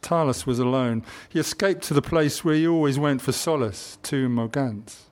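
A man reading a historical adventure novel aloud in measured audiobook narration. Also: mid-range voice, darkish tone.

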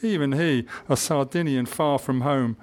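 A man reading a historical adventure novel aloud in measured audiobook narration. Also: medium pitch, darkish tone.

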